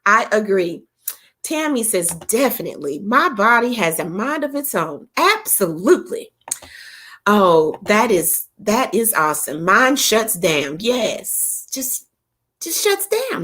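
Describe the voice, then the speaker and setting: A middle-aged woman hosting a casual live-stream chat, reading viewer comments and telling a funny story, laughing often. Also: fairly bright tone. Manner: chatty, laughs often, playful exaggerated swoops in pitch. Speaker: host of a live chat show.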